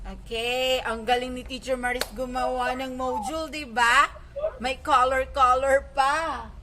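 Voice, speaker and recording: Filipino lady teacher, slow and patient with little kids, high bright voice, faint hiss behind. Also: fairly even intonation. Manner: patient, mixing English and Tagalog, imitating animal sounds. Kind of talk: online class for young children.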